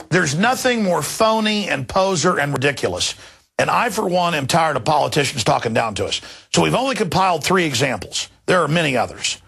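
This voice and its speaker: A man in his thirties hosts a news commentary show on talk radio, ranting with indignation and mocking the stories he covers, sometimes slipping into exaggerated impressions. His voice sits a little high, with a creaky, slightly rough quality and a fairly bright tone.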